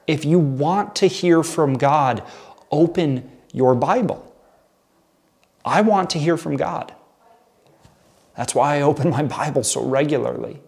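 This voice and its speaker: A man's voice: on the high side, normal speed, vocal fry, darkish tone. An earnest man teaches a midweek Bible study, speaking conversationally to a camera audience. He reads scripture passages aloud and then rephrases them in plain, everyday words. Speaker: pastor.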